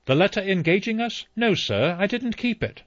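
A man's voice: high voice, big pitch swings, moderate pace, no room sound, pitched above the performer's own voice. A man reading an audiobook, voicing an anxious, deferential middle-aged butler who pleads earnestly. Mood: pleading. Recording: slightly dull dry recording.

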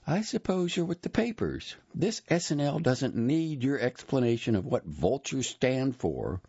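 A man's voice: medium pitch, big pitch swings, a little slow, dark tone, slightly rough, no room sound, muffled recording, voice pushed up, full character voice. A male narrator voicing a curt, irritated woman bank employee who speaks brusquely and dismissively.

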